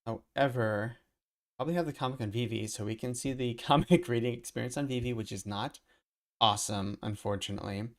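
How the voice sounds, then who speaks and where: A man's voice: mid-range voice, brisk. A man casually talking through a live stream at his computer, rambling and thinking aloud as he goes. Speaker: crypto collectibles streamer. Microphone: desk mic.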